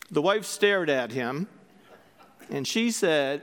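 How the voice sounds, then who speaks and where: A man preaching a sermon as a priest, telling stories in an animated way and acting out their voices. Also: on the high side, slow, long pauses, smooth. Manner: animated storytelling, acts out voices. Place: church. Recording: long church reverb.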